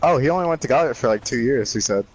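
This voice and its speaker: A young man hosting a gaming stream, chatting casually with friends in a relaxed, laughing way and swearing often. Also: mid-range voice, very fast, poor audio. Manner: laid-back, swears often, laughs mid-sentence. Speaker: let's play host. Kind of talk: casual chat among friends while gaming.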